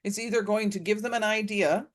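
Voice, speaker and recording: A woman hosting a panel discussion, friendly and measured, asking long questions. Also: medium pitch, steady tone. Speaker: host.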